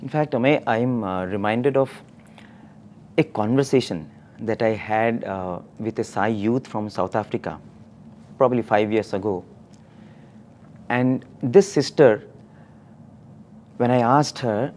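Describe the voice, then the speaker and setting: A man's voice: on the low side, unhurried, pauses often, a little hiss or hum. A man telling a devotional story in conversation, acting out the voices he quotes. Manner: animated anecdote telling, acts out quoted voices. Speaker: devotional talk speaker. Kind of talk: conversational spiritual talk, storytelling.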